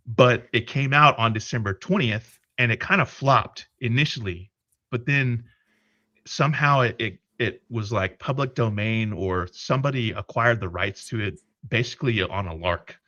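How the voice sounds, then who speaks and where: A man's voice: fairly low pitch, no echo. Lo-fi, profane storytelling man. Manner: profane, animated retelling with many restarts. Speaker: podcast co-host. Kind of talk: casual storytelling chat.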